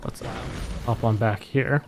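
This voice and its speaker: A man's voice: mid-range voice, unhurried, faint music behind. A young man streaming a game live, chatting casually with viewers and teammates, laughing often. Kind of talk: casual live-stream chat while gaming.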